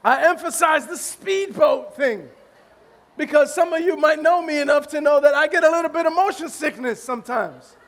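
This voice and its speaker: A male pastor with a very high voice, telling a comic story to his congregation. He is animated and self-deprecating, breaks into laughter and trips over restarts, and his voice rises to a shout at the funny parts. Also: a little fast. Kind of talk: humorous sermon storytelling.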